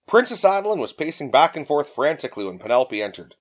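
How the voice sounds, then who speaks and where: A man narrating an audiobook in an expressive reading. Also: fairly high pitch, quick pace.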